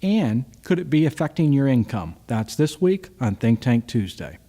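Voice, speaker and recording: A middle-aged man hosting a business advice show, speaking straight to his audience and telling stories with lively acted-out quotes. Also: medium pitch, moderate pace, slight background noise. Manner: animated storyteller, acts out quotes. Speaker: host. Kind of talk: direct-to-camera business talk.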